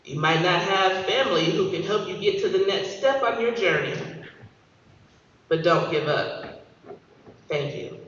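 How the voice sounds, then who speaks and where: Woman giving a speech in a booming hall. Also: unhurried, long pauses, fairly bright tone, a little hiss or hum. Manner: storytelling, calls out to the audience. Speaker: guest speaker. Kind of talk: graduation speech. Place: large hall. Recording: echoey hall from far, dull.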